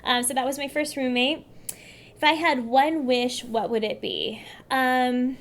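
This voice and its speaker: Friendly woman from California, casual to-camera vlog chat, a touch high-pitched. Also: measured pace. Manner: chatty, upbeat, addresses viewers directly. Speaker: beauty vlogger.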